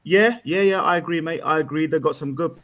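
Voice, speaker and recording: Brief: excitable male caller, laughs easily, rambles with repeats. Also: on the high side, brisk. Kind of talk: casual fan chat.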